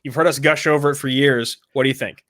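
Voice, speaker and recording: A man co-hosting a casual movie podcast who talks in an animated way and sometimes breaks into loud impressions of movie lines. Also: mid-range voice, fast talker. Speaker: podcast co-host.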